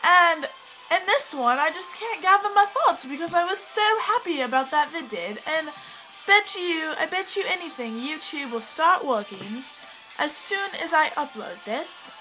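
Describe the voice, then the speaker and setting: A woman's voice: high voice, expressive, a little slow, pushed and bright, rough recording. A woman vlogging in a put-on, mixed British accent, rambling in a giggly, scattered, dramatic way. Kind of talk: rambling casual vlog. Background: faint music.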